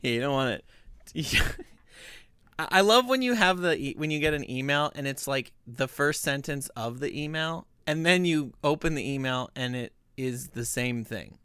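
A woman's voice: a bass voice, expressive, normal speed, a bit bright, clear, resonant tone, no room sound, clean studio sound. A woman co-hosting a casual comedy podcast chat, laughing often. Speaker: podcast co-host.

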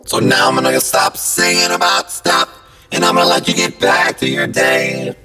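A man's voice: fairly high pitch, moderate pace, gravelly. A man hosting a podcast, rambling and swearing in a half-sung comic monologue through a voice changer app, recorded on a phone. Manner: profane, rambling, jokey. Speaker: podcast host. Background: loud music.

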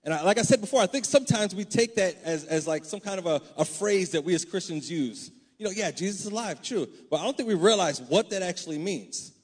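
A man with a husky, somewhat high voice delivers a sermon. He reads scripture steadily, then slips into loose, conversational preaching, often checking that the congregation is following along. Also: lively intonation, fast, hardly any pauses.

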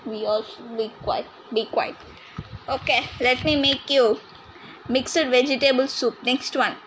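A woman's voice: sits high, steady tone, a little slow, fairly bright tone, a little hiss or hum, low-quality recording. A woman playing a bossy scolding grandma. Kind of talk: amateur comedy cooking skit.

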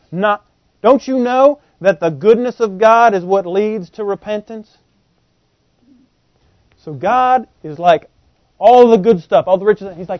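A man preaching a sermon, folksy and animated, often acting out voices in the quotes he tells. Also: sits high, normal speed, pauses often, no room sound. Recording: dull lo-fi podcast audio.

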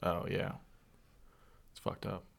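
A man, a guest in a casual podcast chat, answering with short dry replies. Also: slow.

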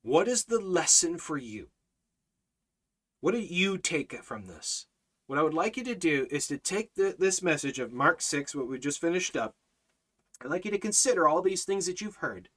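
A man leads a livestreamed Bible study, preaching in emphatic, repeated phrases. His voice sits slightly high and rings bright and forceful. He stops now and then to read viewer comments aloud. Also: sing-song, moderate pace. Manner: emphatic, repetitive preaching cadence.

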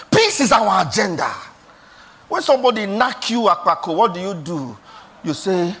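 A male pastor with a Nigerian accent delivers a sermon in a strikingly high, bright voice. His pitch leaps around animatedly as he moves between quiet, pleading questions and loud, shouted exhortations. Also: expressive, moderate pace, gravelly, husky.

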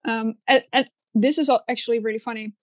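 A young Dutch woman, whose first language is Dutch, chatting casually in English with a Dutch accent. Her throat is a little sore, and she talks in an animated, chatty way full of fillers. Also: fairly high pitch, fast talker. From Netherlands. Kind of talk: casual chat.

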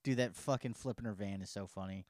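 A man's voice: on the low side, fast talker, a little mellow, no room sound, clean studio sound. A young man co-hosting a podcast in casual chat, crude and joking, with lots of swearing. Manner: crude, joking, mimics others in quotes. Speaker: podcast co-host.

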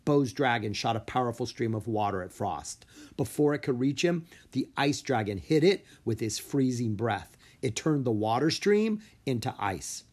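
A man reading a children's adventure book aloud, his pitch rising and falling in a lively, animated way. His voice sits in an ordinary middle register and he keeps the storytelling expressive. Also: normal speed. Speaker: audiobook reader.

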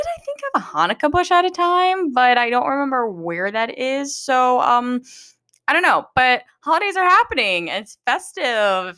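A woman's voice: medium pitch, fairly bright tone, clean tone. A young woman hosting a casual solo podcast from home, nervous and giggly, rambling with restarts. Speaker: podcast host. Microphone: home recording.

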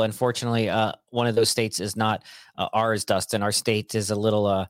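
A man co-hosting a casual podcast, talking in a rambling, conversational way with quick asides. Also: on the low side, little pitch movement, no echo. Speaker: podcast co-host. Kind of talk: casual chat.

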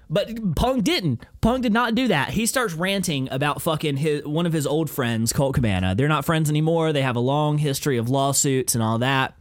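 A young man hosting a podcast, telling a story in a profane, rambling, excitable way. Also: a little high, normal speed, hardly any pauses. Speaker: podcast host. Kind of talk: casual chat.

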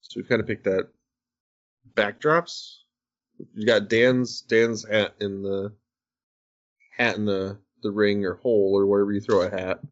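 A man's voice: lowish voice, level tone, measured pace, pauses often, muffled recording. A man in his thirties chatting casually on a call, joking and rambling with a self-deprecating streak. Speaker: podcast host. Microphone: phone call.

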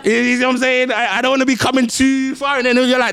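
A young man preaching a sermon, telling stories in an animated way and swinging between loud bursts and hushed lines. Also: extremely high pitch, quick pace. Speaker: pastor.

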